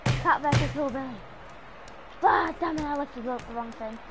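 High-pitched silly woman gaming. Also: moderate pace, background noise. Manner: silly, rambling, joking to herself. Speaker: gamer. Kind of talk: casual gameplay commentary. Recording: game music playing behind.

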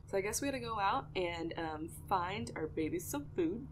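A woman giving casual, excitable let's-play commentary as she plays, cooing over cute animals. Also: medium pitch, normal speed, a little hiss or hum. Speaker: gaming video creator. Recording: game music playing behind.

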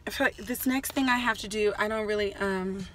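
A woman's voice: mid-range voice, fairly quick, background noise. A bubbly woman, vlogging casually to a phone camera, laughing often and calling viewers "y'all". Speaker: vlogger, actor and spoken word poet. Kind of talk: casual vlog chat to camera.

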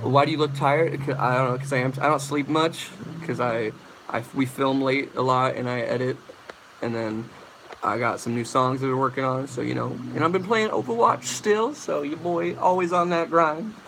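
A man's voice: medium pitch, steady tone, normal speed, vocal fry, noisy background. A young man casually hosting a livestream, rambling as he answers chat questions about vocals. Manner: casual, rambling, demonstrates screams.

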